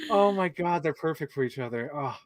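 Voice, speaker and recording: A man co-hosting a casual movie chat, animated, laughing often and acting out lines he quotes. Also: on the high side, a little hiss or hum. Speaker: co-host.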